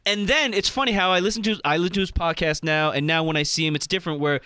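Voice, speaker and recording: A man's voice: high-pitched, fast, clear, resonant tone, dry recording. A male comedian guest in a radio studio, telling a story and acting out what people said. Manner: animated, acts out quotes.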